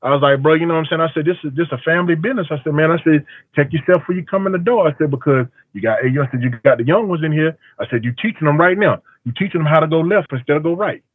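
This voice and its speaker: A man's voice: on the high side, rapid-fire, hardly any pauses, dry recording. Man testifying over a phone line. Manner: storytelling with quoted dialogue, emphatic. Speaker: barber. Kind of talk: call-in testimony. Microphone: phone call. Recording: tinny phone line, dry.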